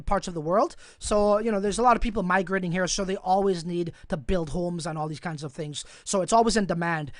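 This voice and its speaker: A young man from Canada hosting a crypto livestream, telling a story in a profane, animated way and talking straight to his viewers. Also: high voice, dry recording, studio quality. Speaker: crypto channel host.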